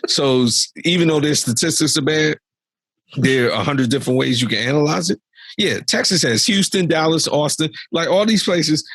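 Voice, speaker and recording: A man's voice: fairly high pitch, normal speed, a bit bright, breathy edge, no room sound. A young adult man co-hosting a podcast, ranting animatedly about politics in exasperated casual commentary. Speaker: podcast co-host.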